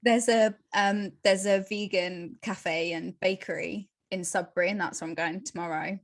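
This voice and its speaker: A woman's voice: mid-range voice, moderate pace. A woman hosting a podcast, chatting playfully with a friend and teasing her. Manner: playful, teasing, lively banter. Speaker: podcast host. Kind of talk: casual chat.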